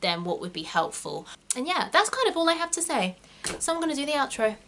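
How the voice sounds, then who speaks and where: A woman's voice: high voice, sing-song, fairly quick, fairly bright tone. A woman, an actor giving advice in a casual vlog, talking in a loose, chatty way full of "like" and "kind of".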